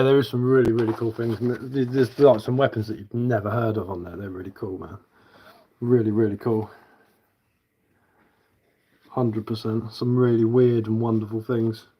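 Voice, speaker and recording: A man's voice: on the low side, darkish tone. A man with a southern English accent tinged with London, chatting casually on a live stream in a rambling, easygoing way with plenty of fillers. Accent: southern English with London influence. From south of England. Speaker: bushcraft livestreamer.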